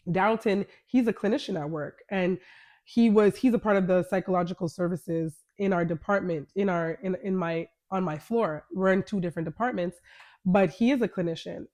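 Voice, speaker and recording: A woman's voice: medium pitch, a little mellow. Candid woman telling her own story. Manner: candid, conversational, retells dialogue. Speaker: podcast host. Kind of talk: personal storytelling monologue.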